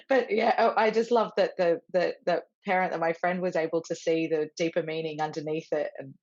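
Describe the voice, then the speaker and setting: A middle-aged woman hosting a podcast, chatting casually with many restarts and easy laughter. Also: low-pitched. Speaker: podcast host and stylist. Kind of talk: casual conversational chat. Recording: dull lo-fi sound.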